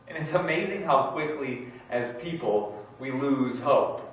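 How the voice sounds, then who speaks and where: A male pastor delivers a sermon in a candid, joking, self-deprecating way, jumping from loud emphasis to hushed asides. His mid-pitched voice rings around a large sanctuary. He sounds set well back from the microphone. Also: unhurried. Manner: animated, swings between loud and quiet. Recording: echoey church hall from far off.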